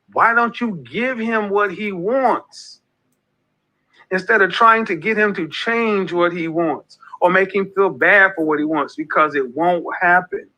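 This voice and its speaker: A man's voice: high-pitched, bright, forceful tone, rough recording. A man in his forties hosting a casual monologue, talking emphatically and repeating phrases like a preacher. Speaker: host of a men's group talk.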